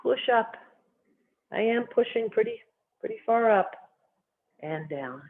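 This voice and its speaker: A qigong instructor calmly guiding students step by step through slow movement and stretching exercises. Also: mid-range voice. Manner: calm, gently instructive, cueing each movement. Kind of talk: guided movement lesson. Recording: tinny phone-like sound.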